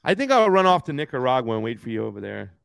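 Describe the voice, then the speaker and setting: A man's voice: medium pitch, big pitch swings, fast, gravelly, fairly bright tone, smooth, no echo. A man co-hosting a casual political talk show, ranting heatedly with lots of profanity. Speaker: co-host.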